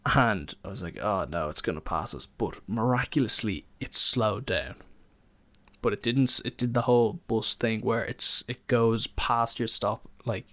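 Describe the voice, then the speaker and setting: A man's voice: mid-range voice, unhurried, a bit bright, no room sound. A young man, hosting a solo podcast and telling rambling stories in a casual chat, full of fillers and restarts. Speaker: podcast host.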